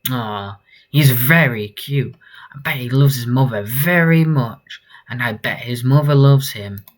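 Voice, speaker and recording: A man voicing a cold, sadistic female villain from a comic, speaking slowly and teasingly. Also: mid-range voice, lightly acted. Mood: mocking. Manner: slow, teasing, mocking.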